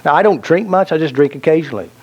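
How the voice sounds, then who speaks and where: A man's voice: on the high side, expressive, racing, slightly rough, highs cut off. A man teaching a self-help seminar, telling anecdotes and joking, asking the audience questions. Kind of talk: live seminar talk to an audience.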